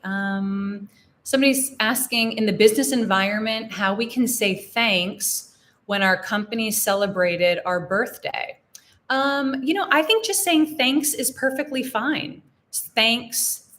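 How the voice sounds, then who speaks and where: A young American woman teaching English in a live Q&A, explaining phrases slowly and repeating examples. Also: medium pitch, a bit bright. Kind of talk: live-stream Q&A lesson.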